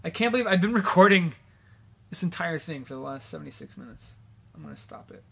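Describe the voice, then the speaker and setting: A man's voice: on the high side, animated, quick pace, gravelly, slight background noise. A man live-streaming from his home studio, chatting casually at the piano and reading out viewer comments. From Massachusetts.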